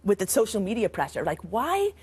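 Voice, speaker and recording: Animated woman guest, full of restarts. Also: medium pitch, fairly quick, slightly rough. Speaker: author and guest. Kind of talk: morning TV interview.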